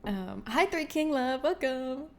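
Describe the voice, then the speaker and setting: Chatty woman streamer, voice a bit high. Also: animated, unhurried, a little mellow, slight background noise. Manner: chatty, playful, giggly. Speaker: game streamer. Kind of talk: casual livestream chat with viewers.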